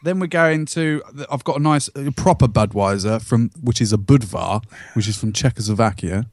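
A man's voice: medium pitch, moderate pace, darkish tone, no echo. A man chatting as a podcast co-host, making crude jokes. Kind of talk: casual banter.

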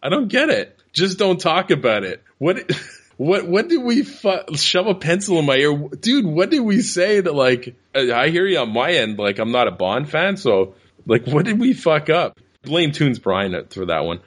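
A man's voice: a little high, sing-song, moderate pace, breathy edge. A man hosting a podcast, reading listener comments aloud with a casual, profane manner and frequent laughter. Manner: profane, laughs often, reads tweets aloud. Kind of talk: casual podcast chat over a call.

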